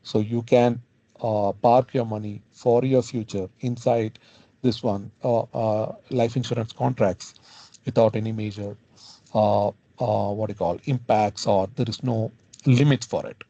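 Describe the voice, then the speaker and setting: Halting male webinar presenter, dull audio. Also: on the low side, fairly even intonation, warm tone, no echo. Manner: halting, adds "okay?" after points. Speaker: financial planning webinar presenter.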